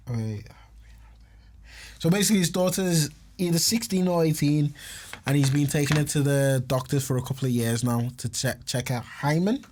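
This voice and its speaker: A man's voice: fairly high pitch, a little mellow. A young man, co-hosting a podcast in slangy, laugh-filled casual chat. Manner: laughs often, slangy banter. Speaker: podcast co-host.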